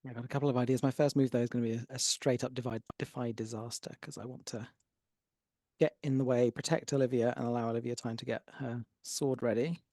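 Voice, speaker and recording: Dark-voiced man player, dry close sound. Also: medium pitch, steady tone, fast, dry recording. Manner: matter-of-fact, plans moves out loud. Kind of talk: tabletop game play.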